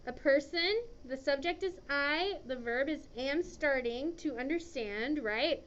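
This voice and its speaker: A woman's voice: high-pitched, measured pace, a bit bright, slight background noise. A woman teaching an English grammar lesson to a class, chatty and often checking in with "okay". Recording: dull lo-fi classroom recording.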